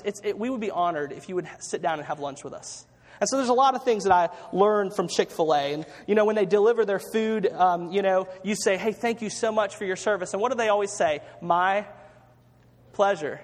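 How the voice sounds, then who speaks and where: A pastor with a high-pitched voice delivers a conversational sermon, chatting casually and pulling the congregation into call-and-response. He uses plenty of ums and restarts, and a long reverb tail trails his words.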